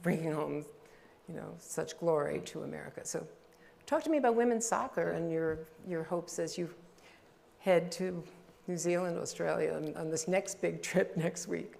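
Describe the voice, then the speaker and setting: A woman's voice: lowish voice, moderate pace, gravelly, darkish tone. An older woman interviewing a guest on stage, asking questions in a chatty, conversational way. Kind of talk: panel interview.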